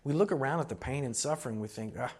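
A man's voice: mid-range voice, quick pace, a little mellow. A man preaching a sermon as pastor, conversational and earnest, building to emphatic exhortations.

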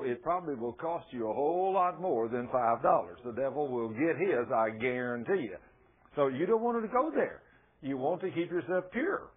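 A man preaching a sermon, telling Bible stories in a folksy, animated way. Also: medium pitch, breathy edge. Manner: folksy, animated storytelling with laughs. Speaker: pastor. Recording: tinny phone-like sound.

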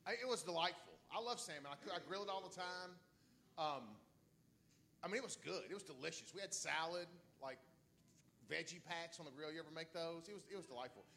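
High, bright-voiced pastor. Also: male voice, a little fast, slight background noise. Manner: excitable, laughing, swings from quiet asides to shouting. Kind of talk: animated church storytelling.

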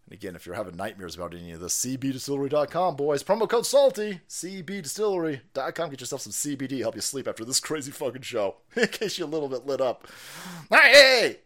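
A middle-aged man ranting through profane live-stream commentary. He laughs often and swings between loud outbursts and low mutters. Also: expressive, quick pace, few pauses.

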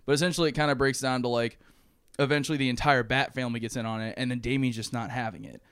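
A man's voice: mid-range voice, fast talker, clear, resonant tone, dry recording, clean studio sound. A young man on a podcast, casually retelling a movie plot and acting out the characters' lines with plenty of swearing. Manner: animated storytelling, acting out characters' lines, frequent swearing and laughs. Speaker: podcast co-host.

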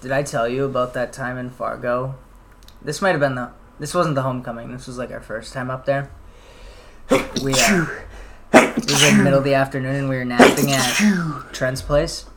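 A man's voice: medium pitch, fairly even intonation, moderate pace, pauses often, a bit bright. A man telling a rambling story in casual chat, laughing often and filling his speech with "like".

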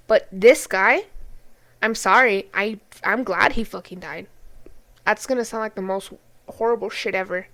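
A woman's voice: mid-range voice, normal speed, a bit bright. A woman co-hosting a podcast in casual chat, blunt and emotional, swearing often and near tears. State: tearful. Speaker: podcast co-host.

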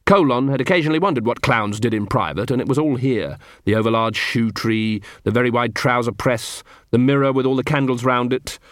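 In a measured, expressive storytelling style, a man with a mid-range voice narrates an audiobook. It's scripted narration with studio-quality sound and no echo.

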